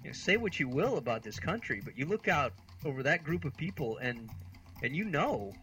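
Man from the United States, podcast co-host, rambling comic storyteller, exasperated, self-mocking, bright voice. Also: on the high side, big pitch swings, a little fast, soft background music, rough recording. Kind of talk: casual comedic storytelling.

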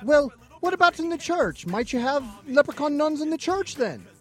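A man's voice: normal speed, soft background music. Man doing a lilting Irish leprechaun. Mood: cheeky. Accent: put-on Irish. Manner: lilting, high and excited. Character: cheeky little male Irish leprechaun.

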